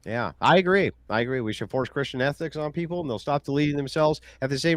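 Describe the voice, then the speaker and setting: A man's voice: fairly high pitch, fast talker, hardly any pauses, no room sound. A man in a heated online debate, mocking his opponents and repeating his points insistently. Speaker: debate guest.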